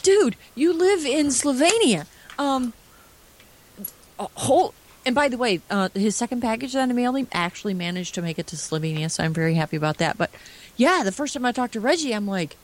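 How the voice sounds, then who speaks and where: A woman co-hosting a casual podcast chat, animated and swearing freely, with many restarts. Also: on the high side, fairly quick. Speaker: podcast co-host.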